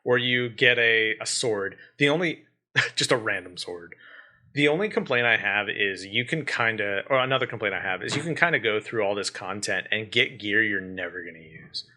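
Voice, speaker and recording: A man's voice: fairly low pitch, animated, normal speed, bright, forceful tone. A man co-hosting a casual gaming podcast, talking enthusiastically at length and laughing often mid-sentence. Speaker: podcast co-host.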